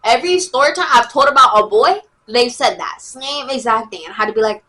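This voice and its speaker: A woman with a fairly high voice rambles through a casual storytime straight into her camera. Her talk is loose and slangy, full of "like" and "bro." She slips into animated retellings of what was said. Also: normal speed. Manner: animated retelling with exaggerated quotes. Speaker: vlogger.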